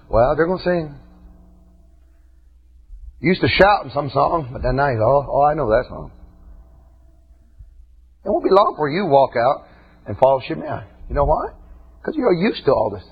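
Male preacher, husky raspy voice, high and swooping, muffled lo-fi recording. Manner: impassioned, shouting, swinging between loud and quiet. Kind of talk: sermon.

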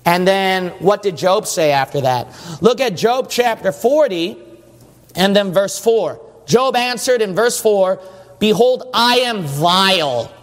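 A man's voice: sits high, lively intonation, a little slow. A man preaching a sermon emphatically, often asking his congregation questions. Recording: long church reverb.

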